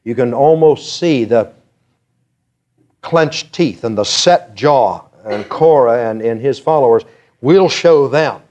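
A male preacher reading scripture in old-fashioned wording and explaining it with folksy asides, his voice dropping low and then rising to emotional peaks. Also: takes it slowly. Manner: swings from hushed low tones to soaring emotional peaks. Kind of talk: sermon. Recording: dull lo-fi sermon recording.

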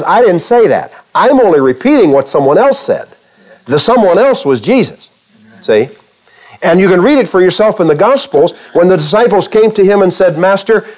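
Lively, higher-voiced preaching pastor. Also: male voice. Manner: animated preaching with rhetorical questions to the congregation; acts out quoted speech for humor. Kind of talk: sermon. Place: church before a congregation.

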